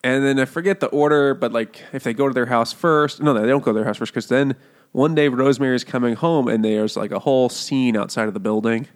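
Talking fast at a medium pitch, this male podcast co-host rambles through a book's plot in crude, comedic chat. He laughs a lot, cracks crude jokes, and does voices for the characters.

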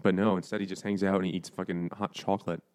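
Low-voiced joking man. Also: level tone, fast, a little mellow. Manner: joking, laughs often. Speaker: podcast co-host. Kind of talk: casual chat over beers.

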